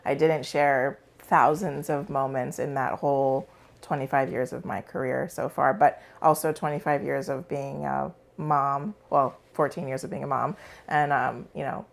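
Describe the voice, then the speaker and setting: Low-voiced woman psychologist telling a story. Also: moderate pace, creaky. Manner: animated storyteller, many fillers. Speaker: psychologist guest. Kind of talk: casual storytelling interview.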